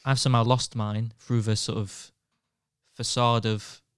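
A man's voice: mid-range voice, flat delivery, a little slow, clear, resonant tone, dry recording, clean studio sound. Young man telling a story. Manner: rambling anecdote with acted-out quotes and laughter. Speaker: podcast co-host. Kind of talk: casual storytelling chat.

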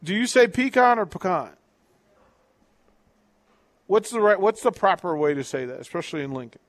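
A man's voice: sits high, lively intonation, quick pace. A man hosting a casual sports talk radio show, chatting loosely, restarting his sentences and reading out listener texts.

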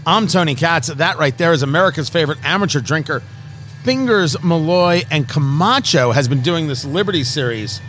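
A man's voice: a little high, lively intonation, moderate pace, a bit bright, soft background music. A man from Brooklyn and New Jersey hosting a casual cigar review chat. He talks in a brash, joking, showman-like way and teases his co-host. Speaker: podcast host.

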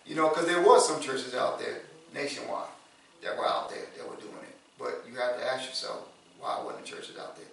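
A man's voice: mid-range voice, fairly quick, vocal fry, a little hiss or hum. Preaching man, echoey and far off. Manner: conversational preaching, repeats words, chuckles, rises to loud emphasis. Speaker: pastor. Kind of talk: sermon.

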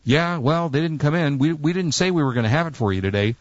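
A man's voice: on the high side, quick pace, no room sound, dull audio. A man co-hosting a casual chat, telling a long story and acting out quotes in exasperated tones. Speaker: co-host.

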